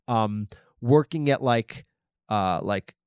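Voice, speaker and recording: A man's voice: fairly low pitch, a little mellow, clean tone, no room sound, studio quality. A man hosting a comedy podcast, rambling through an improvised monologue with lots of fillers, restarts and swearing. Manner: halting, rambling, profane, full of fillers.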